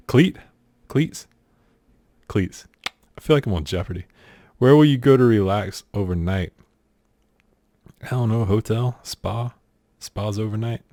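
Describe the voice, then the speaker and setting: Sarcastic South Carolina man, low voice. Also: darkish tone, dry recording. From southern United States. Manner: dry, sarcastic and exasperated. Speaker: streamer. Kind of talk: casual accent-tag challenge, reading questions aloud.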